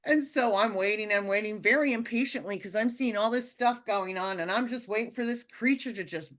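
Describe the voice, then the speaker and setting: A woman casually telling a personal spiritual story, animated and acting out the quotes, often laughing. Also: medium pitch, fairly quick. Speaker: podcast guest telling a testimony.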